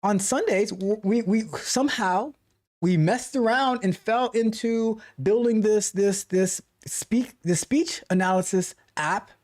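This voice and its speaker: A man's voice: high-pitched, a little slow, a little mellow. A man coaching viewers on a casual coding livestream, pushing his points hard and circling back on his own phrases to drive them home. He chats loosely between points and reads comments from the chat. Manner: emphatic, motivational, repeats phrases for stress. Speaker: tech coach and livestream host.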